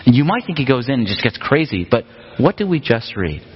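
A pastor preaching a sermon in a relaxed, conversational way, often asking the congregation rhetorical questions. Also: male voice, mid-range voice, a little fast, slightly rough. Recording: long hall reverb, dull lo-fi sound.

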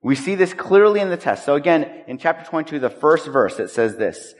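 A man's voice: a little high, big pitch swings, brisk. Male pastor giving a sermon, chatty, acts out little stories, long reverb from the hall. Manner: conversational, acts out anecdotes. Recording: echoey hall.

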